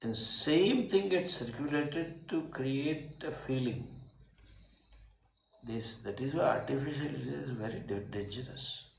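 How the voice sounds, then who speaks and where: An older man with an Indian English accent giving an informal spiritual talk, animated with laughing asides and emphatic bursts. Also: medium pitch, unhurried, gravelly. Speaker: swami, spiritual teacher. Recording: echoey room with faint background noise.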